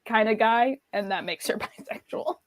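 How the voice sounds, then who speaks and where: Woman, podcast co-host, joking casual chat, higher voice. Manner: joking, quick to laugh.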